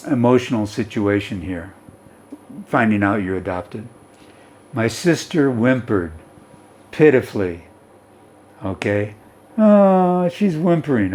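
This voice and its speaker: A man's voice: medium pitch, lively intonation, a little slow, pauses often, darkish tone. A male teacher reading and explaining a story, who keeps checking in with his students.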